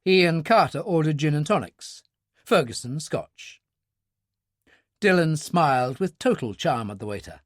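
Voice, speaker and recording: A male audiobook narrator reading a thriller in a measured, descriptive way. His voice sits high and moves expressively. The sound is close and dry. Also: expressive, dry recording. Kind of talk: scripted narration.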